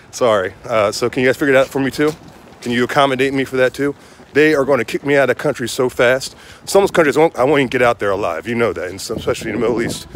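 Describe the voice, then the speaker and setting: Fast-talking heated man ranting outdoors. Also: medium pitch. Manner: heated, rambling, repeats himself, says "man" a lot. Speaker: show host. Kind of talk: outdoor political rant to viewers. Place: outdoors on a windy day. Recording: wind noise outdoors.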